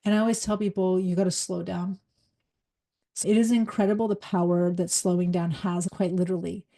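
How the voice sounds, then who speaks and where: A middle-aged woman, a leadership coach and former psychologist, giving a live workshop talk in a fast, direct, energetic way. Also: fairly low pitch.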